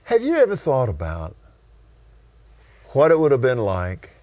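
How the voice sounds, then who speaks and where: An older man with a West Texas drawl preaches in an unhurried, deliberate way. His voice rises and falls widely, stretching out the words he wants to land. He sits at an even middle pitch, emphatic rather than loud. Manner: slow and emphatic, stretching key words, bursts of exclamation. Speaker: television preacher and host. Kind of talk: preaching in a studio Bible-teaching conversation.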